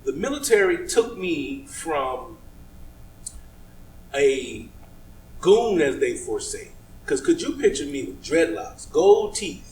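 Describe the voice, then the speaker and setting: Middle-aged guy from miami, podcast guest, highish voice, kinda far off the mic in an echoey room. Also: big pitch swings, darkish tone. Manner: measured, preachy advice with laughing storytelling. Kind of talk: storytelling conversation. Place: indoor podcast studio. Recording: echoey room, mic at a distance, faint noise.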